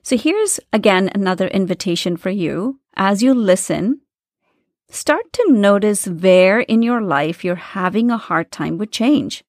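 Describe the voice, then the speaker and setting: A woman's voice: medium pitch, expressive, unhurried, no echo, studio quality. Earnest woman hosting a self-help podcast. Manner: earnest, coaching, speaks directly to listeners. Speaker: podcast host.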